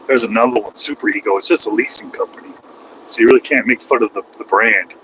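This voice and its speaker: A man's voice: medium pitch, quick pace, pushed and bright, poor audio. Middle-aged male trucker vlogging from the cab, folksy, rambling, casual swearing; faint road noise. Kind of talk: casual chat while driving.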